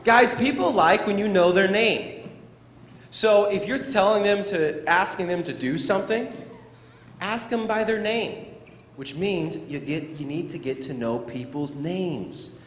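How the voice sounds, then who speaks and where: Motivational speaker, male, playful and high-voiced, heard in a reverberant hall. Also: unhurried. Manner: playful, acts out scenes for children. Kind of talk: animated school assembly talk. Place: school gym or auditorium. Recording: echoey hall, faint crowd noise.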